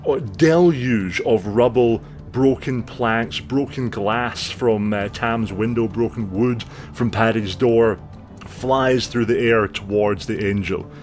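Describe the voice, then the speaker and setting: A man running a tabletop game as game master, narrating the action in a vivid, relaxed way with many fillers. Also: on the low side, slow pace, faint music behind.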